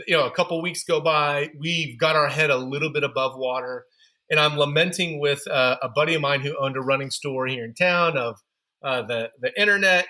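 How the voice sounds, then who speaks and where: A man's voice: a little high, sharp tone. A man guest on a podcast interview, telling candid, self-deprecating stories about building his running store business.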